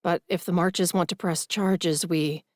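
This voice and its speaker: A woman voicing a calm adult man, a school director, speaking in a measured, placating way. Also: lowish voice, no echo, clean studio sound, lightly acted.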